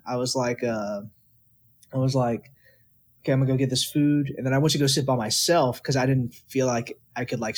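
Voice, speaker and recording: A young man from Texas, a guest musician, telling stories casually in an interview and acting out what people said. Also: mid-range voice. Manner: animated, quotes people in lively voices.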